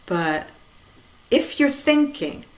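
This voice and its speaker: A woman giving a reflective spiritual talk in a conversational way, with many "you know"s, soft laughs, and quiet trailing phrases. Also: high voice, big pitch swings, extremely slow, rough recording. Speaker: dharma talk speaker.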